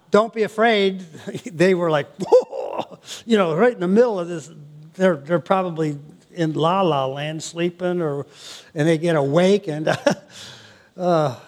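An older man delivers a sermon in a high, bright-sounding voice. He preaches in an animated way, breaking into laughing asides and playful exclamations. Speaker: pastor.

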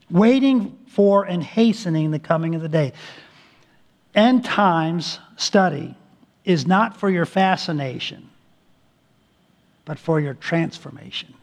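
The high-voiced male preacher delivers his sermon with earnest emphasis. Key words get slowly elongated, and he restarts phrases again and again.

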